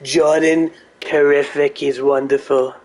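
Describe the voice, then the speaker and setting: A man's voice: fairly high pitch, flat delivery, measured pace, a little mellow, close to an everyday voice, low-quality recording. A man doing a comedic impression of an older male politician who rambles, brags and keeps repeating "let me tell you.". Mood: boastful.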